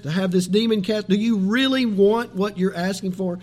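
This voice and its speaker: High-voiced middle-aged man preaching a sermon. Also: brisk, few pauses. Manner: animated storytelling, swings from soft asides to loud pleading. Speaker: pastor.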